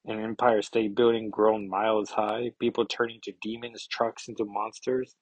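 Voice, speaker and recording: A man's voice: fairly low pitch, flat delivery, normal speed, husky, no echo, low-quality recording. A man reading the lines of an earnest male superhero recapping events, in a plain voice. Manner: plain reading, no accent attempted.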